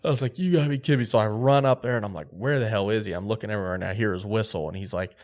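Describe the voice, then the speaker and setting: A man telling a hunting story on a podcast, animated and acting out quotes. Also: fairly low pitch, rapid-fire. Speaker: podcast host.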